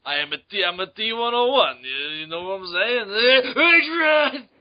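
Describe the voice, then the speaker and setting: A man doing an impression of a bombastic male action-movie muscleman, shouting catchphrases in a drawn-out way. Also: sits high, sing-song, exaggerated voice.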